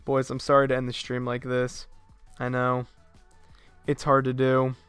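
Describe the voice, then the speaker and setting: A young man streaming a game live, giving excitable commentary full of profane trash talk. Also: mid-range voice, unhurried, smooth, dry recording, soft background music.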